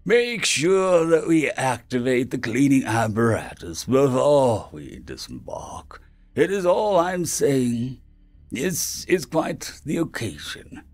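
A stoic alien emperor, voiced by a male narrator, speaks in a measured, formal way. He stays calm and regal in a storybook reading, with faint music under him. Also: mid-range voice.

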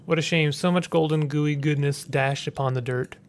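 Man reading as a whiskered creature thief, suave, flattering, scheming, video game character, slightly high voice. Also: moderate pace, lightly acted. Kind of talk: reading game dialogue aloud.

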